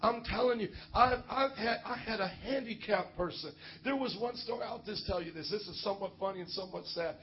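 A male pastor telling funny stories in a sermon, animated and often laughing as he goes. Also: high-pitched, a little fast, few pauses, dull audio. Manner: animated, joking, often laughs mid-story. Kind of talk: sermon storytelling.

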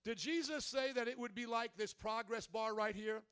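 A preacher with an unusually high voice, talking fast and playful in an animated sermon. He swings from quiet asides to loud shouting and mocks people's excuses in put-on voices. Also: clean tone. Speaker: pastor. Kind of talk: energetic sermon.

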